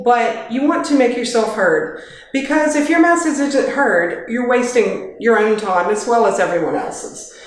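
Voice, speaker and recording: Woman trainer, informal talk, practical, joking asides, handheld mic, very echoey kitchen. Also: fairly high pitch. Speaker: workplace trainer. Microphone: handheld microphone.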